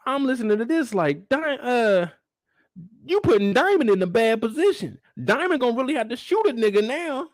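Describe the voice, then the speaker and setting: A young man hosting a live after-show recap, talking in an animated, incredulous and profane way. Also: high-pitched, brisk, no room sound. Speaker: host.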